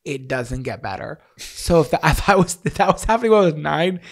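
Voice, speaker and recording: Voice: medium pitch, lively intonation, fairly quick. A podcast co-host in casual comedic chat, riffing playfully and mock-preachy.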